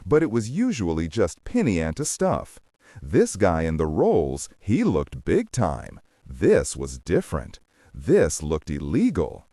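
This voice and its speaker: A man narrates a thriller audiobook with expressive delivery. His voice is low but very animated in pitch, and the sound is dry and close. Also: measured pace, no echo. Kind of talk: scripted narration.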